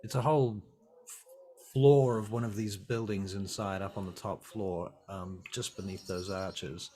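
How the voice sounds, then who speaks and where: A man with a fairly low voice narrates a tabletop game as its game master. He paints each scene at an easy pace, often pausing on an um while he finds the next detail. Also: fairly even intonation, warm tone.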